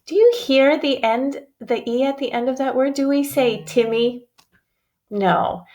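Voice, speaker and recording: A female teacher leads a phonics lesson for small children, pronouncing every vowel slowly and distinctly and talking to them like friends. Her voice sits fairly high, with a somewhat dark tone.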